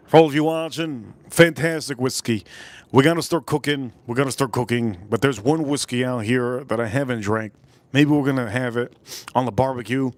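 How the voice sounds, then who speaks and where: A man hosting a live stream, rambling and joking crudely while he talks to his chat. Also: medium pitch.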